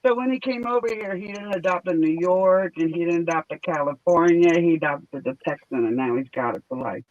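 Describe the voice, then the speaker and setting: Joking man with a high voice. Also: fairly quick, lo-fi sound. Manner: joking, laughs often. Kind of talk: casual chat.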